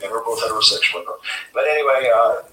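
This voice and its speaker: A man's voice: medium pitch, fast talker, sharp tone. A man telling a rambling, laughing anecdote and acting out the other people in it, heard as a played clip. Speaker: storytelling guest. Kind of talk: animated anecdote. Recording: distant echoey clip with faint TV ambience.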